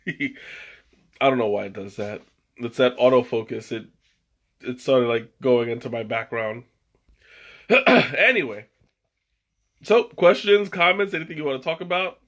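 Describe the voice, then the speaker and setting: A man's voice: medium pitch, lively intonation, a little slow, long pauses, fairly bright tone. A man hosting a casual live stream over tea, rambling and chuckling, often trailing off mid-sentence. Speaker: livestream host tasting tea. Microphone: webcam.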